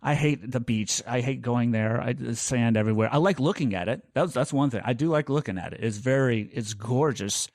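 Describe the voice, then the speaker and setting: A man's voice: mid-range voice, a little fast, few pauses, darkish tone, no echo. Laid-back, self-deprecating man in his forties. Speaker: podcast co-host. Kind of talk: casual chat.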